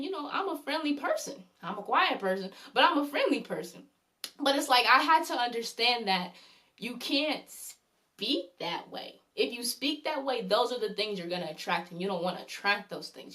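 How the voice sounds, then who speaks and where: A woman with a somewhat high voice talks through a devotional message as a faith vlogger. She is earnest and rambling, repeats her points, and keeps breaking in with praise phrases. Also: sharp tone. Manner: repeats "glory be unto the Lord" often. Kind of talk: spoken devotional talk.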